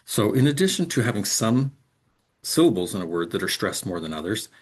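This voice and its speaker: A man giving a recorded lecture as an instructor, explaining in a measured way with frequent "um" fillers. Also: fairly low pitch, very animated, slightly rough. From English speaker.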